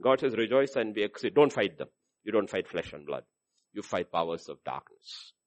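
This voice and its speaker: Very animated, a man preaches at a normal speed. He leans on emphatic repetition and shifts between loud exhortation and hushed intensity.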